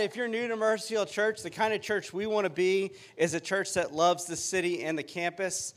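A man's voice: sits high, fairly even intonation, normal speed, hardly any pauses, slight background noise. Upbeat man preaching a sermon. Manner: upbeat, joking storytelling. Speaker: pastor.

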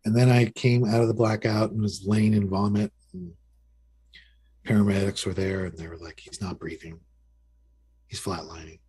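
Deep husky man telling his story. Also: flat delivery, normal speed, mellow. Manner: candid, self-mocking storytelling with many restarts. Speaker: podcast guest. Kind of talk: recovery story told in casual conversation.

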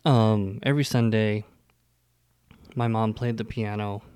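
A man's voice: on the low side, fairly even intonation, measured pace, a little mellow, smooth, no room sound, clean studio sound. A man on a podcast telling a long joke and then his church upbringing, rambling with fillers and restarts. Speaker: podcast co-host telling his faith story. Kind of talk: casual conversational storytelling.

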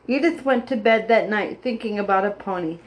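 A woman reading a children's story aloud, expressive, with gasps and little asides. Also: medium pitch, brisk, slight background noise.

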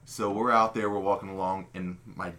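A man's voice: sits low, fairly even intonation, fairly quick, bright, forceful tone. A man telling a long funny story from his childhood in casual, profane, self-mocking chat. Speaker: podcast host telling a story. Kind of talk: casual storytelling among friends.

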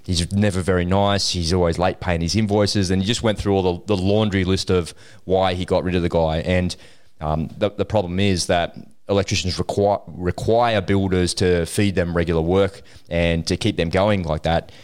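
Very deep-voiced man hosting. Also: normal speed, clean tone. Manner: chatty storyteller, relaxed and encouraging. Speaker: podcast host. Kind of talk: casual business podcast chat.

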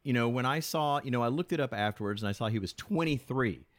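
A man's voice: mid-range voice, animated, quick pace, no echo, studio quality. Chatty man guest on a podcast. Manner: chatty, enthusiastic, with frequent restarts. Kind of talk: casual podcast chat.

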